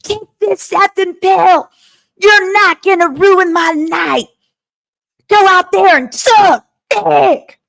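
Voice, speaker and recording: A woman doing a mocking impression of a bossy man who barks orders, loud and drawn out. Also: very high-pitched, slow pace, vocal fry, dry recording, voice pushed up, exaggerated voice. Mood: demanding.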